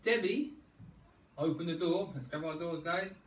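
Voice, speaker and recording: A man leading a children's storytelling yoga class, playful and animated, coaxing the children through each pose. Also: fairly high pitch, a little slow. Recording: echoey room, distant mic, faint ambience.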